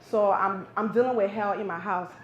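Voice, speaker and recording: A woman doing a stand-up comedy set in a live cafe, animated and talking straight to the crowd. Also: medium pitch, normal speed, lo-fi sound. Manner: animated, talks to the crowd, playful teasing. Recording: roomy live venue sound.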